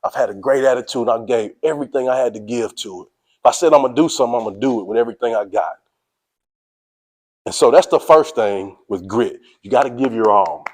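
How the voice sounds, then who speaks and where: A man giving a motivational speech to a sports team, energetic and preachy, speaking in casual slang and calling out to his listeners. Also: medium pitch, fast, low-quality recording. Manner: casual slang, drawls "y'all".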